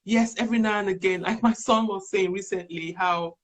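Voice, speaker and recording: A woman's voice: medium pitch, steady tone, a little fast. A woman in her fifties, a charity chief executive as an interview guest, telling stories earnestly and digressing as she goes. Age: 50s. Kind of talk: conversational interview.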